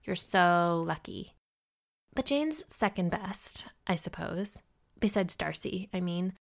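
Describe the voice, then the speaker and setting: A woman voicing a giddy, chatty young woman who talks quickly and eagerly in an audiobook. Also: fairly low pitch, animated, vocal fry, heavily acted. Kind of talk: audiobook character voice.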